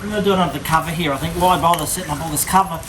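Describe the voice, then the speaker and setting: A man's voice: fairly high pitch, very fast, noisy background. A man with an Australian accent, chatting casually as he vlogs at an abandoned island pub. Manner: relaxed, joking, chatty. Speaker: vlogger. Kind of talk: casual travel vlog.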